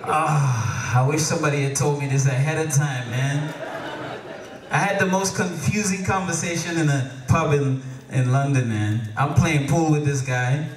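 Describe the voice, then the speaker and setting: A man's voice: a little high, moderate pace, far from the mic. A man performing a stand-up routine, telling a story in a conversational way. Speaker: stand-up comedian. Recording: echoey live stage sound from afar.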